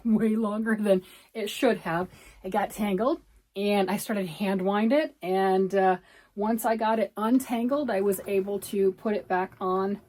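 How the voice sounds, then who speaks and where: A woman's voice: medium pitch, darkish tone. A middle-aged woman chatting casually as a knitting vlogger, rambling and talking to herself as she works, a little out of breath. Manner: chatty, rambling, self-talk while working. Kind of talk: casual chat.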